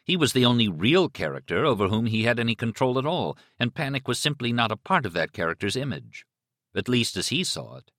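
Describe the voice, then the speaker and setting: A man narrating a novel as an audiobook in an expressive, dramatic reading style. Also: medium pitch, brisk, no echo, clean studio sound. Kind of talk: scripted narration.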